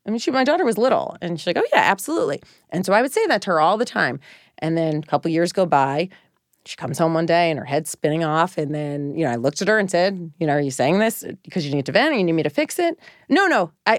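A middle-aged woman with a slightly low voice talks casually as a podcast co-host. She tells stories with energy and acts out the people she quotes. The sound is dry and close. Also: no room sound. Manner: animated storytelling, acts out quotes. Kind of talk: casual chat.

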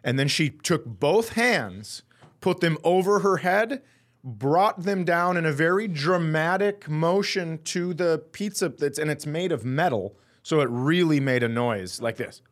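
A man's voice: fairly high pitch, animated, measured pace. A man hosting a podcast, telling a comic story in a profane, indignant way. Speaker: podcast host. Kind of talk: comedic storytelling chat.

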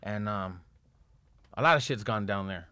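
A man's voice: on the low side, a little slow, pushed and bright, clear, resonant tone, dry recording. A man from Los Angeles, a pro skateboarder guest, telling a story in casual, profane street slang.

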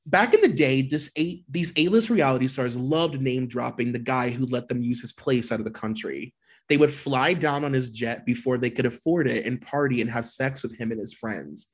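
A man's voice: mid-range voice, normal speed, breathy edge. A man co-hosting a podcast, reading gossip blind items in a mocking tone and chatting casually. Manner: reads aloud in an exaggerated, mocking tone, laughs easily. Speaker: podcast co-host.

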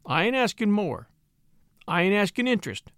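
A grim old-west blackmailer drawls his threats in a rough backwoods dialect, as a man puts him on. The voice rides high and swings widely in pitch. The recording is dry and close. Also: very animated, normal speed, fairly bright tone, dry recording, heavily acted. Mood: menacing. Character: grim rough frontier blackmailer, male, middle-aged.

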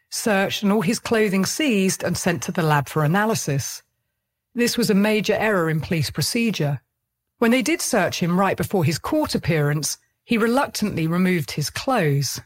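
Grave woman narrating true crime. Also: on the low side. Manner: measured, grave, matter-of-fact. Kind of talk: scripted narration.

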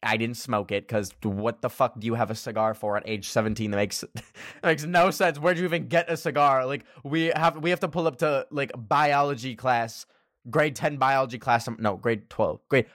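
A young man from Canada casually telling a personal story, animated, laughing often and swearing casually. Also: medium pitch, fairly quick, dry recording, studio quality. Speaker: vlogger.

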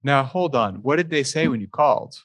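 A man's voice: medium pitch, lively intonation, brisk, fairly bright tone, no room sound. A man hosting a casual podcast chat, asking probing questions with a jokey manner. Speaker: podcast host.

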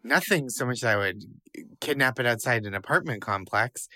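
A man who is a podcast guest, answering with dry, deadpan quips. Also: mid-range voice, moderate pace, dry recording.

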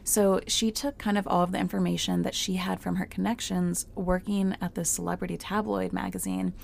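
A woman's voice: lowish voice, expressive, fairly quick, vocal fry, a little hiss or hum. A woman hosting her own podcast, talking casually and filling her speech with "like"; she calls herself hot-headed and fiery. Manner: chatty, many filler "like"s. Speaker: podcast host. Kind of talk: casual solo podcast advice. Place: home closet.

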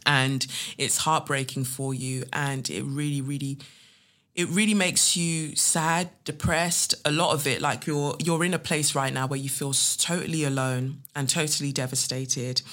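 Bright, chatty woman hosting a podcast. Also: rumbling low, normal speed. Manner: chatty, playful and animated, with spiritual asides. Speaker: podcast host. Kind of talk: casual podcast monologue with tarot reading. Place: living room at home.

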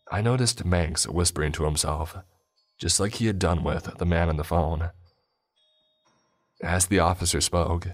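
A man narrating a first-person story in a measured storytelling delivery. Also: deep voice.

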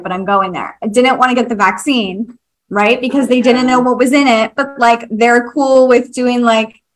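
A woman's voice: a little high, fairly bright tone. Blunt, outspoken woman in casual chat. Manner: blunt, outspoken, swears freely, self-mocking. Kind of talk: casual conversation.

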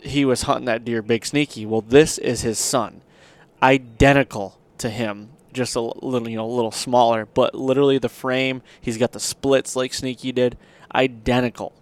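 A man's voice: medium pitch, fairly even intonation, moderate pace. A man hosting a podcast, telling a long hunting story in a rambling, casual way with lots of fillers. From Michigan. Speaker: podcast host.

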